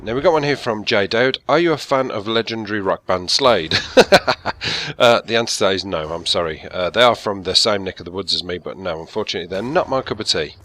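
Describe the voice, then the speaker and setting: Brummie man, bright forceful voice. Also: lowish voice, quick pace, few pauses. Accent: Birmingham (Brummie). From England. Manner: candid, rambling, chuckling. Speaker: YouTube gaming commentator. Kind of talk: casual Q&A chat. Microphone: gaming headset.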